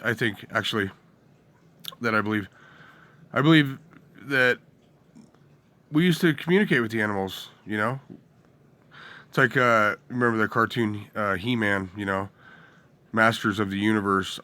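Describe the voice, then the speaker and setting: A man's voice: fairly low pitch, sharp tone. A young man ranting bluntly and profanely in a rambling casual monologue to his viewers. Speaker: vlogger.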